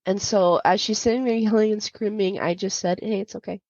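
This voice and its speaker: A woman's voice: medium pitch, fairly even intonation, fairly quick, a little mellow, dry recording. A woman hosting a podcast, telling a personal story in a candid, confiding way with many fillers. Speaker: podcast host. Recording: dull lo-fi dry sound.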